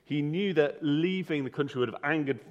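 A man's voice: on the high side, fairly quick, highs cut off. A man preaching a sermon in a conversational way, often restarting and repeating words. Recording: reverberant hall.

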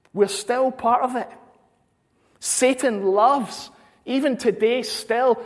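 A man preaching a sermon, earnest, repeating phrases for emphasis. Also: sits high. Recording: long hall reverb.

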